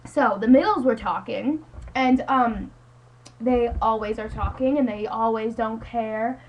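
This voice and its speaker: Exasperated high-pitched teen girl ranting. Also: measured pace, muffled recording, background noise. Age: teens. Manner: exasperated, rambling, heavy use of "like". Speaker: high school student vlogger. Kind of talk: ranting webcam monologue. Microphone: webcam.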